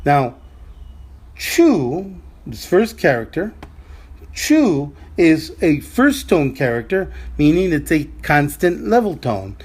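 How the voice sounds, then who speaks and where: A man teaching a language lesson, speaking slowly and repeating words, with frequent restarts. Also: fairly high pitch, very animated, a little mellow, husky. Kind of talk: slow spoken language lesson.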